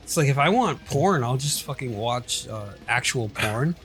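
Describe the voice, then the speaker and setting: A man in casual, crude conversation, reacting quickly, swearing often and laughing a lot. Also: medium pitch, lively intonation, a bit bright, soft background music.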